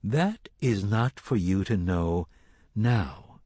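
A man's voice: on the low side, animated, slow, a little mellow, dry recording, studio quality. A man doing a sly, taunting sorcerer. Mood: hushed, ominous. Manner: taunting and teasing. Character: sly mocking male sorcerer reading tarot.

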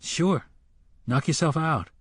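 A man voicing an earnest, trusting young boy in an audiobook, answering softly and simply. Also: a little high, slow, slightly rough, dry recording, voice pushed up. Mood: plain.

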